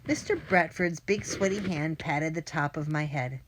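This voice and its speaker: A woman narrating a first-person children's audiobook in a lively, plain and clear storytelling manner. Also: low voice, moderate pace, slight background noise.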